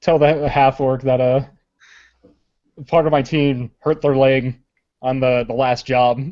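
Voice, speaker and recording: A man at a tabletop game talks through his moves in a loose, joking way. His voice sits at a middle pitch. The recording sounds muffled and lo-fi. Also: little pitch movement, unhurried. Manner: casual, joking. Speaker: player.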